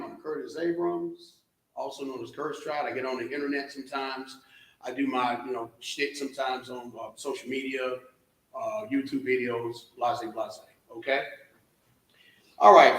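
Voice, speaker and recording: A man's voice: mid-range voice, bright, forceful tone. Joking man at an echoey event. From Alabama. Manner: joking, talks straight to the crowd. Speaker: guest speaker presenting an album. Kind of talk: live event speech. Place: hotel event hall. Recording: echoey hall.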